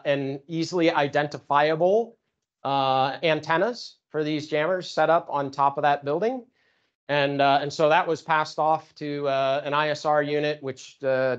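Casual man lecturing, slightly high voice. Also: clean tone, muffled recording. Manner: casual, filler-heavy, self-correcting. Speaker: guest lecturer on electronic warfare. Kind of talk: informal lecture. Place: lecture room.

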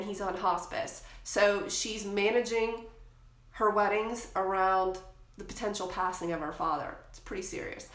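A middle-aged woman hosting a photography show, giving frank, energetic advice and laughing easily. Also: mid-range voice, echoey room. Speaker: photography educator and podcast host. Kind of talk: candid advice talk.

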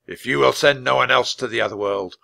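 A man voicing a mysterious, commanding knight, speaking slowly and loudly with a stern, booming delivery. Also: gravelly, dry recording.

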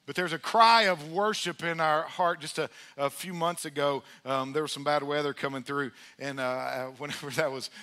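A man preaching a sermon in church, conversational and energetic, calling out to the congregation. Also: medium pitch. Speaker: pastor. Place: church sanctuary.

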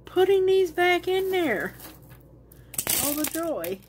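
Slow-talking woman chatting over crafts. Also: very high voice, sing-song, background noise. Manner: rambling, thinks aloud while working. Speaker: resin crafter. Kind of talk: casual crafting chat.

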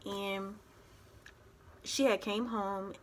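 Young woman, casual storytelling, animated, mid-pitched voice, faint background noise. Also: drawn-out words. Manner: animated retelling, acts out others' voices. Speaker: vlogger.

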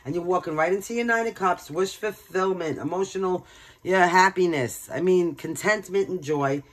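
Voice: medium pitch, moderate pace, poor audio. A tarot reader from Brooklyn, giving a casual card reading in a blunt, emphatic way and swearing freely. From Brooklyn, New York.

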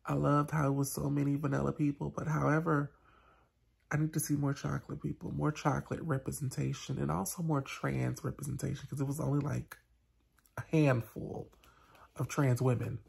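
A woman's voice: deep voice, little pitch movement, normal speed, gravelly, a little mellow, breathy edge. A woman, chatting sassily to her viewers in a casual vlog recap, now and then dropping into a whisper. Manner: sassy and chatty, with asides to the viewers. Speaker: vlogger.

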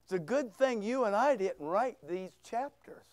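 A man preaching a sermon as pastor, full of rhetorical questions, swinging between loud bursts and hushed asides. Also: sits high, lively intonation, a little slow, no room sound. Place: church.

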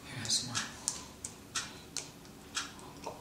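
A man feeding his baby at home, talking to her in gentle, doting, playful baby talk. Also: fairly high pitch, normal speed, long pauses. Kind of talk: baby talk during lunch. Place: home, at a baby's mealtime. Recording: echoey room, far from mic, loud background noise.

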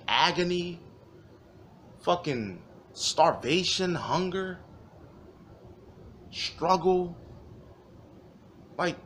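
A man ranting on camera about life and meaning, swearing freely in a heated, sarcastic tone. His voice sits a little on the high side, and a faint hum of room sound runs underneath. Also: a bit bright. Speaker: vlogger. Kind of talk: profane philosophical rant.

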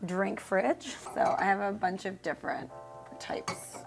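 A woman's voice: medium pitch, unhurried, vocal fry, over music. A woman talking casually through a home cooking vlog, chatty and full of "like" fillers. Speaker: vlogger.

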